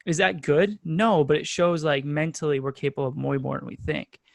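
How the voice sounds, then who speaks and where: A man's voice: fairly high pitch, fairly even intonation, normal speed, gravelly, dry recording. Upbeat, slangy man, dry close sound. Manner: enthusiastic, slangy, many "like" and "dude". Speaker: podcast host. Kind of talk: casual chat.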